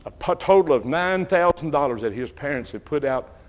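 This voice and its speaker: An older man with a Southern US accent, preaching and telling folksy, animated stories while calling out to the congregation. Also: on the high side, fairly quick. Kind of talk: sermon storytelling.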